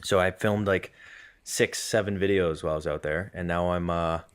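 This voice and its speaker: A man's voice: deep voice, fairly even intonation, moderate pace, clear, resonant tone. A man co-hosting a podcast in casual chat, joking and rambling with restarts. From Massachusetts. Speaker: podcast co-host.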